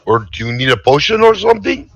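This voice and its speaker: A man's voice: on the high side, big pitch swings, fast. A man playing in a tabletop game, joking and playful. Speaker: player.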